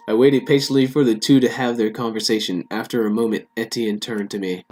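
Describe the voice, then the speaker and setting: A let's play gamer reads a text game aloud, joking and talking back to its characters. His voice is on the low side and a little mellow, brisk with few pauses. Faint music plays behind him.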